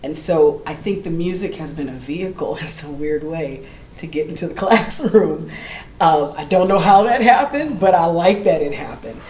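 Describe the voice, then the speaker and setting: A middle-aged woman from Oakland, California, a jazz singer and teacher, telling lively stories between songs and acting out the voices of the people in them. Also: sits low, moderate pace. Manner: animated, acts out quoted voices, laughs easily. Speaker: jazz vocalist and educator. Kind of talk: storytelling between songs at a live gallery show. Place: gallery event space. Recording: roomy live room with ambient noise.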